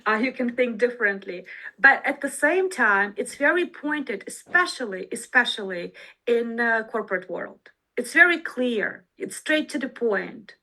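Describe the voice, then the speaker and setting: A woman teaching an online conversation class, talking in an animated and emphatic way and often restarting words mid-phrase. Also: a little high, unhurried, rough recording. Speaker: English conversation club teacher. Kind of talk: online group class on a video call.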